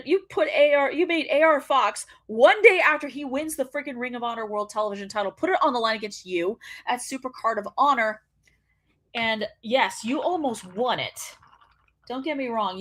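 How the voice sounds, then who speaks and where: Brief: female host, high sharp voice, foul-mouthed ranting commentary with frequent laughter. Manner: profane, ranting, laughs often. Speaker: wrestling show host. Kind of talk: casual livestream commentary.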